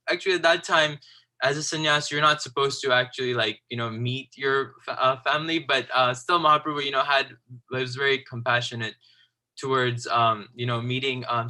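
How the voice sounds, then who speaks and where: A man at a temple class casually retelling a devotional story, halting and full of "like" and "you know", quoting the story's figures in their own words. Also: mid-range voice, pushed and bright.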